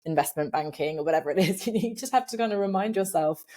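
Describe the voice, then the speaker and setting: A middle-aged woman being interviewed from her home office, talking in a lively, animated way, laughing often and acting out voices in her head. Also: fairly low pitch, quick pace. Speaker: podcast guest, career coach. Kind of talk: casual conversational interview.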